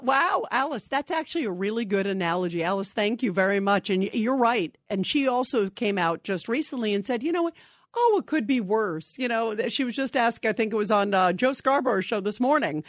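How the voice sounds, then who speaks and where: A woman hosting a call-in radio talk show, talking in an animated, indignant way with many quick restarts. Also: mid-range voice, no echo, clean studio sound.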